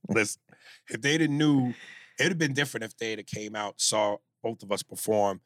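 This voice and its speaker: A man's voice: on the low side, moderate pace, fairly bright tone, dry recording, clean studio sound. A man co-hosting a comedy podcast, joking crudely and reading listener emails aloud. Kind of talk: casual podcast chat.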